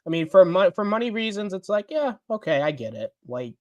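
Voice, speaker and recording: A man's voice: high voice, very animated, a little fast, no echo, lo-fi sound. A young man co-hosting a casual wrestling podcast, agreeable and full of "like" fillers, often quoting in mock voices. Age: young adult, mentions school. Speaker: podcast co-host.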